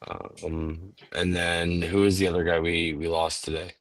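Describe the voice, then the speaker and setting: A man joining a sports livestream as a guest, talking in halting bursts. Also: sits low, flat delivery, dry recording. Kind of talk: casual sports talk.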